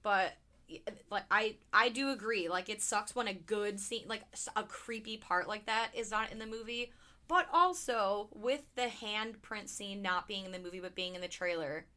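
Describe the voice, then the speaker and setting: A woman's voice: mid-range voice, moderate pace, bright, forceful tone. A woman in her thirties co-hosting a podcast, chatting casually and animatedly about movies, swearing freely and quoting lines. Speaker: podcast co-host.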